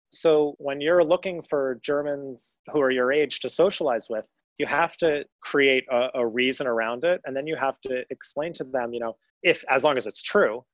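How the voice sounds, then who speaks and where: A man's voice: mid-range voice, normal speed, few pauses, dry recording. A young man speaks as an interview guest, earnest and a little rambling, often circling back to restart a thought. The recording sounds dull and lo-fi, with a dry, close feel and no room around it. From United States. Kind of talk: conversational interview.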